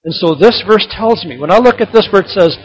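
A man in his sixties preaching with rhetorical questions and emphatic rising peaks. His voice sits high for a man and has a husky edge. The recording is slightly dull and lo-fi. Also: animated, a little fast. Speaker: pastor. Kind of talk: sermon.

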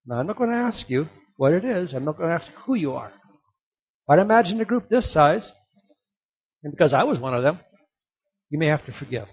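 A middle-aged man giving a motivational sermon to young people, emphatic and repetitive, sometimes dropping to a soft earnest tone. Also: on the high side, big pitch swings, a little fast, pauses often, breathy edge. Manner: emphatic, repeats key points, drops to soft earnest tones. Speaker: youth speaker. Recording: dull lo-fi recording.

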